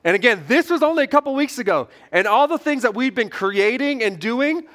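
High-voiced pastor preaching conversationally. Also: male voice, a little fast. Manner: conversational storytelling with lively shifts in loudness. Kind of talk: sermon. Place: church stage.

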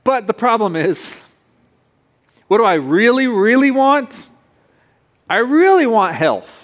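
High-voiced joking pastor, man. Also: big pitch swings, a little slow. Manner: playful, joking asides with the congregation. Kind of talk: sermon.

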